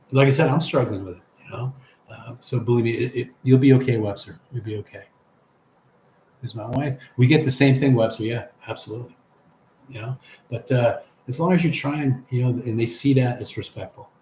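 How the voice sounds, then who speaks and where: A man's voice: medium pitch, a little fast, darkish tone. An older man hosting a live stream, chatting casually and reading viewer comments aloud before answering them. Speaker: livestream host reading chat. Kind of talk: casual chat. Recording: echoey room with faint background hum.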